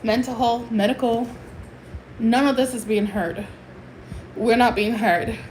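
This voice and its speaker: A woman's voice: on the high side, fairly even intonation, a little slow, a little mellow, a little hiss or hum, poor audio. Heated Puerto Rican woman ranting on a livestream. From Puerto Rico. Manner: heated, emphatic, switching between English and Spanish. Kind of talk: casual livestream rant.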